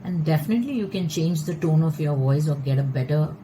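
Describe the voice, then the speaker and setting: A woman vocal coach teaching a lesson, explaining in a measured, patient way. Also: deep voice, expressive, mellow, a little hiss or hum, poor audio.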